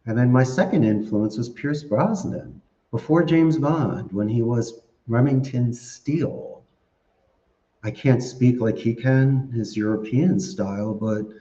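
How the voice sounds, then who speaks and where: A man, a podcast guest giving casual interview answers in an animated, storytelling way and laughing often. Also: mid-range voice, slow. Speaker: podcast guest, call center business owner. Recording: echoey room, dull lo-fi sound.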